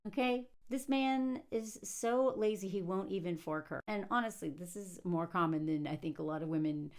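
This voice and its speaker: A young woman giving casual, sarcastic commentary on a film, animated and acting out quotes. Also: on the high side. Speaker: movie commentator.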